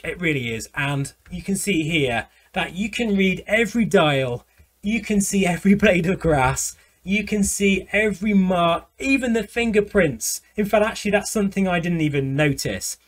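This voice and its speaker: A man, a flight sim vlogger gushing with excitement as he reviews a VR headset. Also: high-pitched, moderate pace. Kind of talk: enthusiastic product review vlog.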